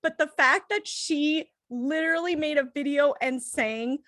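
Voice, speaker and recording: Giggly high-voiced woman, dry close mic. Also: measured pace, dry recording. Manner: giggly, animated, laughs often. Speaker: movie review co-host. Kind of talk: casual chat.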